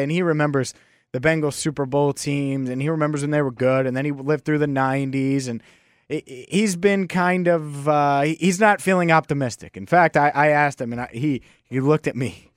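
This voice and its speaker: A man's voice: fairly high pitch, no echo, clean studio sound. A young man hosting a casual solo sports podcast, talking in a rambling way with many restarts and fillers. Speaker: podcast host.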